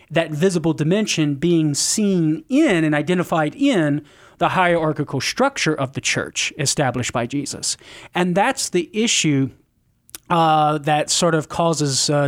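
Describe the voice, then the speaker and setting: A man on a call-in radio show, explaining church teaching in an earnest, teacherly way. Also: a little high. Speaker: Catholic apologist radio guest.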